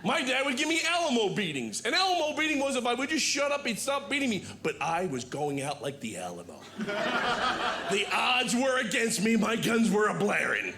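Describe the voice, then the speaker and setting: A middle-aged man doing a stand-up set in a comedy club, with wry self-deprecating punchlines and sudden shouted bursts. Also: extremely high pitch, big pitch swings, normal speed. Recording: noisy live club recording. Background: audience laughter.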